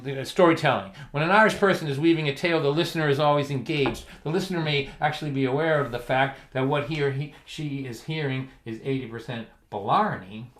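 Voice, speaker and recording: A man telling humorous stories on a livestream in a dry, wry way. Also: on the high side. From Massachusetts. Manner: wry, deadpan with bursts of loud acted quotes. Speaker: folk singer and storyteller. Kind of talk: humorous storytelling. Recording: echoey room.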